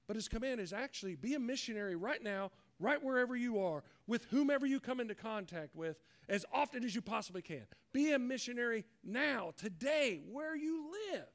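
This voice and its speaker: A man's voice: extremely high pitch, animated, a little fast, few pauses. A man as a pastor preaching a sermon earnestly, acting out the voices he quotes.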